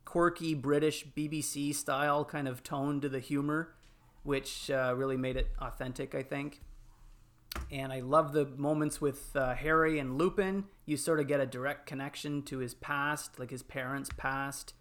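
A man in casual podcast chat, telling film moments with lots of fillers and animated retellings. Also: mid-range voice, moderate pace. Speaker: podcast panelist.

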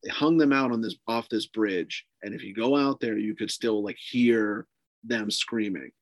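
A man's voice: lowish voice, normal speed, dry recording. A man, a podcast guest, casually tells a long ghost story with lots of swearing and fillers. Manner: profane, animated, lots of fillers.

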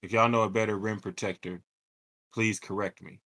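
A man co-hosting a casual sports show, his voice bright and forward. He talks loosely and profanely, acting out what players and owners might say. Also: on the low side, moderate pace. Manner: animated, profane, acts out quoted lines. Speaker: podcast co-host.

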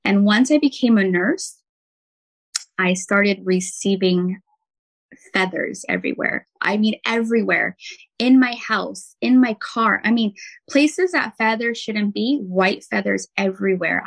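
A woman's voice: medium pitch, unhurried, creaky, low-quality recording. A woman, a podcast guest who works as a nurse and healer, telling a personal story in an earnest, heartfelt way with many "um"s and "like"s.

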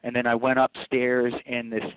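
A man's voice: medium pitch, monotone, moderate pace, smooth, dry recording. A man being interviewed as a filmmaker, telling long rambling stories with laughs and acted-out quotes. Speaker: filmmaker guest. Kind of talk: casual interview storytelling. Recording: dry, tinny phone-line sound.

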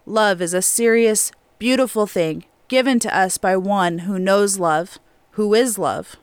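A woman reading an audiobook, voicing a wise old male elder who speaks in measured, solemn pronouncements. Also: medium pitch, smooth, no room sound, natural voice.

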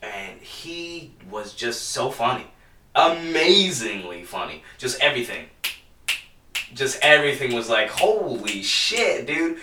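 A man's voice: medium pitch, lively intonation, measured pace, pushed and bright, distant mic, slight background noise. Rambling, profane man in an echoey room. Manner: rambling, profane storytelling with lots of "dude". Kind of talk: casual chat.

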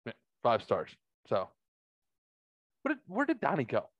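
Podcast host guy, dry close mic, laughs a lot and cusses, super animated. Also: medium pitch, unhurried, dry recording, lo-fi sound. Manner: animated storyteller, laughs often, swears freely. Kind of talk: casual podcast chat.

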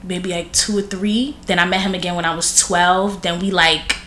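A woman's voice: lowish voice, fairly even intonation, normal speed, pushed and bright, slight background noise. A woman in her thirties telling family stories in casual chat. She is blunt and profane and says "like" constantly. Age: 30s. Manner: blunt, profane, heavy use of filler "like". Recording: roomy echo.

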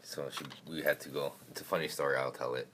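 A man's voice: a bass voice, fairly even intonation, fast talker, a bit bright, a little hiss or hum. A man hosting a podcast, chatting casually and joking, swearing now and then, recorded in a car. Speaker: podcast host. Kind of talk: casual chat.

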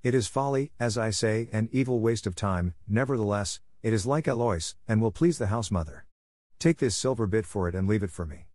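A gruff, scolding middle-aged miller from a storybook, as a man reading aloud puts him on. His voice sits a little above the reader's own low voice. The recording is dry and close. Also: animated, fairly quick, a little mellow, dry recording, close to an everyday voice. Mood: stern. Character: stern, harsh middle-aged male miller. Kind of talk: scripted audiobook narration.

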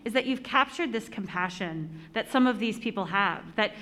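A woman's voice: medium pitch, animated, normal speed, sharp tone. A woman interviewer reflecting on footage in a conversational way, with frequent "like" and "I think". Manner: reflective, uses fillers like "like" and "I think".

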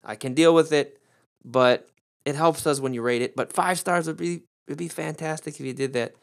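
A man, a pastor, teaching through a Bible passage on his podcast in a lively, emphatic preaching manner. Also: fairly high pitch, moderate pace, gravelly. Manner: animated preacher, rising emphasis on key words.

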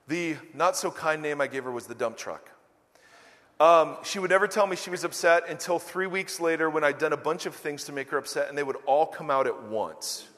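A middle-aged male pastor preaching a sermon, telling self-deprecating stories and acting out quotes. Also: fairly high pitch. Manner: animated, self-deprecating storytelling with acted quotes. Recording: long hall reverb.

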